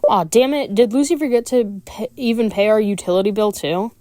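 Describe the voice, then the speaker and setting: A woman's voice: medium pitch, brisk, mellow, a little hiss or hum. A woman reading a visual novel aloud as a gaming streamer, with wry, playful asides. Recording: game music playing behind.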